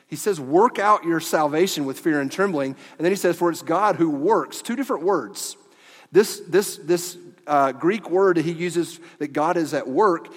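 A man preaching a sermon as pastor of a church, animated and at times dropping to quiet emphasis. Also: on the high side. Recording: long church hall reverb.

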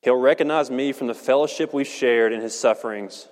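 A man preaching a sermon in a church, earnest and measured, slowing down to stress key words. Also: mid-range voice, darkish tone. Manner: earnest, measured, slows for emphasis. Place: church sanctuary. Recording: long hall reverb.

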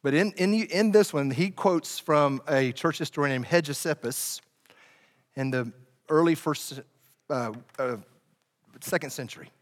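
A man pastor preaching a sermon, telling the story dramatically with bursts of fast speech. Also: on the high side, in a large hall.

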